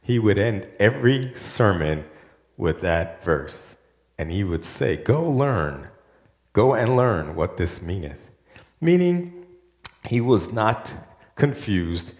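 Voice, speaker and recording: A man's voice: slow, reverberant. A man preaching a sermon as pastor, acting out the voices of the people he quotes. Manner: animated preaching, quoting voices with rising pitch.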